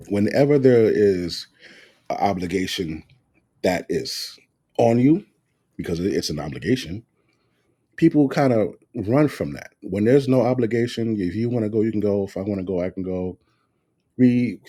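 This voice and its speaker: Casting: man, co-host, blunt and crude, lively swinging pitch, mellow tone. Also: normal speed, slightly rough. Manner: blunt, profane, animated rants. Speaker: podcast co-host. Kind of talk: casual profane chat.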